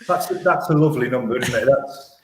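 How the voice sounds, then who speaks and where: A man's voice: mid-range voice, fairly quick. A man in a band, chatting casually and repeating himself in an easygoing way. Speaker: band member on a live stream. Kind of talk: casual chat. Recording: roomy echo with faint noise.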